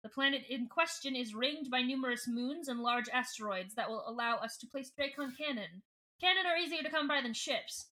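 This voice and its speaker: A woman voicing a stern male alien council leader who speaks in a cold, measured, commanding way. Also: high-pitched, expressive, sharp tone.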